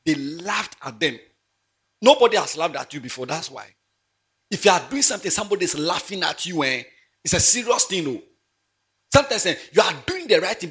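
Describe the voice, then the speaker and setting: With a high, bright voice that rings out and ranges all over the scale, a pastor gives a lively sermon in church. He keeps things playful, laughing often and cracking jokes, moving from loud exclamations down to near-whispered asides.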